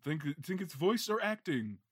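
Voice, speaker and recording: A man's voice: sits high, big pitch swings, moderate pace, breathy edge, dry recording, clean studio sound. A man talking as a podcast guest in casual chat, laughing often and swearing casually.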